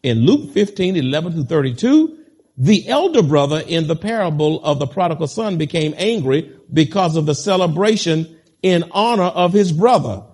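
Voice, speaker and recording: Impassioned high-voiced male preacher. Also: expressive, a little mellow, husky. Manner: emphatic, building to impassioned peaks; reads scripture slowly with heavy stress. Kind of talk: sermon.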